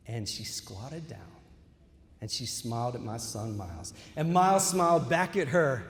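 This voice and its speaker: A man's voice: mid-range voice, expressive, moderate pace, a little hiss or hum. A middle-aged man giving a ceremony keynote speech, telling a story and addressing the audience as y'all. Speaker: keynote speaker. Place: large hall. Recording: echoey hall with long reverb.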